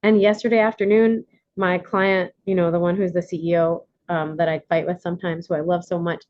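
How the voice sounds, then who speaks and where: A woman's voice: fairly low pitch, level tone, fairly quick, darkish tone, dry recording, lo-fi sound. A woman leading an online workshop, sharing candidly with many fillers and restarts. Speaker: workshop leader.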